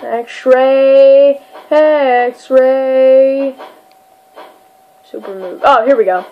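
A woman giving goofy, excitable commentary while playing a fighting game, yelping and crying out during the fights. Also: high-pitched, very slow, dull audio. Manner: goofy, self-mocking. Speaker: gamer. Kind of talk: let's play commentary.

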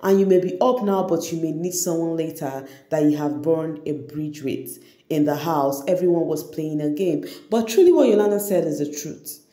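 A woman vlogger chats straight to her viewers in a casual, gossipy way, laughing now and then. Her voice is mellow and warm. The room around her sounds echoey. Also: low voice, moderate pace. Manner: chatty, laughs often, addresses viewers directly. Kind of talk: casual reality-show gossip commentary.

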